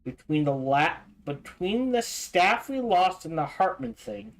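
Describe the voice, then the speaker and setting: A man livestreaming a game, reading in-game documents aloud quickly, stumbling over words and restarting, with casual asides in between. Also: high-pitched, sing-song, low-quality recording. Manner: reads fast, stumbles and restarts, adds asides. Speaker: streamer.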